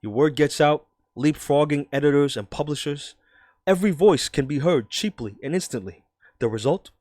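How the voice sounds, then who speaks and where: A man puts on a scornful New York columnist who pushes his words out loud and high, sneering at every new idea. The delivery is emphatic and dismissive, with a clipped New York accent, recorded dry and close. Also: moderate pace, dry recording, close to an everyday voice. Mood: scoffing. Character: scoffing skeptical male New York magazine columnist. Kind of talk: dramatic reading in a put-on voice.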